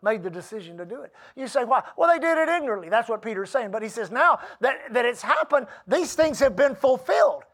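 A man preaching a sermon, reading scripture slowly and calling out to the congregation for responses. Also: extremely high pitch, lively intonation, fairly bright tone. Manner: preaching with rising emphasis and call-and-response; reads scripture aloud slowly. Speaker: pastor.

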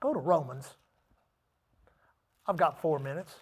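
A male preacher delivering an emphatic sermon, swinging from shouted peaks to hushed asides and calling on his listeners to answer back. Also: fairly high pitch, expressive, unhurried, slightly rough. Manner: calls for audience responses.

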